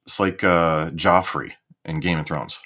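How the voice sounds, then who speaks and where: Man, very deep voice, rambling, hesitant, casual chat. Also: fairly even intonation, a little slow, bright, forceful tone.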